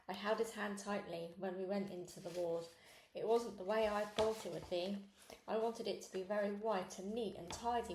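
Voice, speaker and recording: A woman reading a children's novel aloud in steady, clear narration. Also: medium pitch, reverberant, slight background noise. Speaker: storybook reader.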